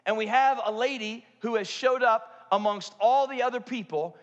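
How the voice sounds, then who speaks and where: A man with a high voice preaches a sermon, turning from loud and pressing to low and hushed. His voice carries a long reverb from a large church auditorium. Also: moderate pace, lo-fi sound. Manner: dramatic, swings from loud to hushed. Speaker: pastor.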